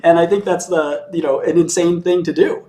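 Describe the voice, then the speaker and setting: A man's voice: fairly high pitch, fairly even intonation, moderate pace, mellow. A man in a casual conversation who talks in an opinionated and sarcastic way, chuckling mid-sentence and mimicking others in mocking voices.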